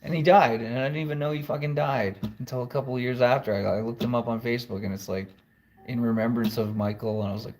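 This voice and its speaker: A man with a gravelly, fry-edged voice at an ordinary middle pitch talks in a loose confessional ramble. He is blunt and profane and drifts from one thought to the next. It sounds like one long unscripted video monologue. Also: steady tone, brisk, a little mellow. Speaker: musician vlogger.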